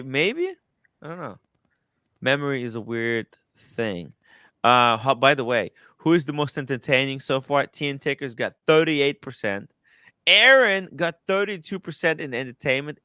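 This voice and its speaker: An excitable male streamer with a bright, forceful voice, talking in loose, swearing asides. The sound is dry and close, with no room around it. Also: medium pitch, clear, resonant tone, dry recording. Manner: excitable, swears, reacts loudly to a video. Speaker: streamer host. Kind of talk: casual live-stream commentary.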